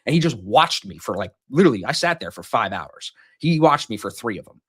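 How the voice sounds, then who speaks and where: A man tells a casino story in loose, profane podcast chat. His pitch sits in the middle of the male range, and he jumps up loudly whenever he acts out what he said at the table. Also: sing-song, a little fast, breathy edge. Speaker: podcast host telling a story. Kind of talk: casual chat.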